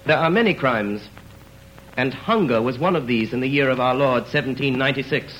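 A man narrating an old radio drama in a measured, formal storytelling manner. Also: mid-range voice, background noise.

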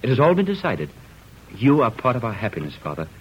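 An actor playing an earnest young bridegroom in an old radio drama, often stammering. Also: male voice, medium pitch, huge pitch swings, fast talker, slight background noise. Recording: dull old radio recording.

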